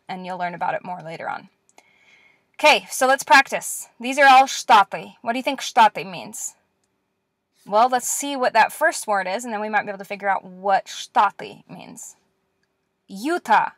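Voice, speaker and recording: A woman teaching a language lesson as a recorded lecture, explaining patiently step by step and leaving pauses for practice. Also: mid-range voice, fairly bright tone, no room sound, studio quality.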